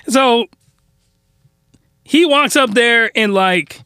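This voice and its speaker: High-voiced slangy young man. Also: moderate pace, dry recording, studio quality. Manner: slangy, animated, mock outrage. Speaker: anime reviewer. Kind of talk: comedic recap.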